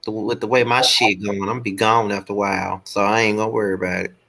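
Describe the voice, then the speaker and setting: A man with a Houston accent hosting a casual chat, telling animated stories and jumping high when he quotes people. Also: fast talker, vocal fry. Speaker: host.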